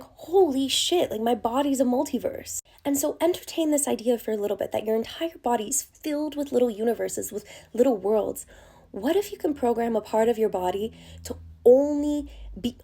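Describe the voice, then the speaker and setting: A young woman coach telling a personal story to camera in a casual, excited way, with lots of fillers and some swearing. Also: on the high side. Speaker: creative expansion coach.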